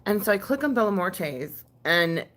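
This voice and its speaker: A woman with a mid-range, slightly bright voice speaks at normal speed in a sing-song way. She's an ASMR creator ranting casually on a live stream, exasperated, sighing often, and full of fillers and swearing.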